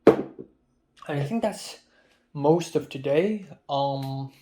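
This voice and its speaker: A young man from Hong Kong recounts his day in a loose, casual diary vlog. His voice sits a little high, and he rambles freely, leaning on plenty of ums and likes. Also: very slow, very noisy. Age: young adult. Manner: rambling, chatty, many fillers. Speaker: film student vlogger.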